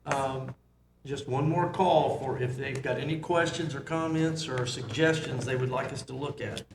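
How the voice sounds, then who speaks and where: A man's voice: medium pitch, moderate pace. Man chairing a meeting, casual, folksy, joking, echoey room, noisy hum behind. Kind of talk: public meeting chat.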